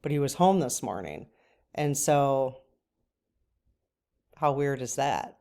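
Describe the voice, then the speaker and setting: Middle-aged woman, low voice, casual tearful vlog chat. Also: expressive, takes it slowly, vocal fry, warm tone. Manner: tearful, breaks off to cry. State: crying at times. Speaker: channel host.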